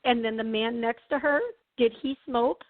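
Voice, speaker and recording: A woman hosting a call-in radio show as a psychic medium, chatty and reassuring, often clearing her throat. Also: on the high side, fairly even intonation, normal speed, dry recording. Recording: tinny phone-like sound, dry.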